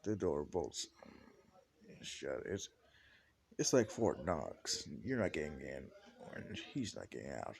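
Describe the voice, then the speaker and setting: A man casually improvising a fan-fiction story out loud, rambling with lots of "like" and restarts. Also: extremely low pitch, sing-song, slow pace, vocal fry, long pauses.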